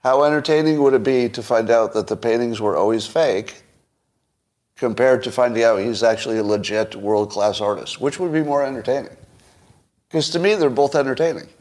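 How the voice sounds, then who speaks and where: A man's voice: mid-range voice, fairly quick, a little mellow. Male solo commentary host, wry and conversational, thinks aloud as he goes. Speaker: podcast host.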